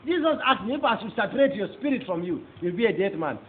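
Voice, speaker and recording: This is a high-pitched, sing-song man speaking fast with a Nigerian accent, a convert giving a fervent preaching testimony. He is emphatic and repeats phrases as he addresses his listeners. The audio sounds tinny and phone-like, with faint background noise.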